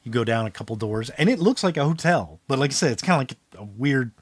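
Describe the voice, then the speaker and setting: A man's voice: medium pitch, lively intonation, quick pace, husky, dry recording. Chatty man running a tabletop game. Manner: loose, chatty scene-setting with many fillers. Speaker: game master.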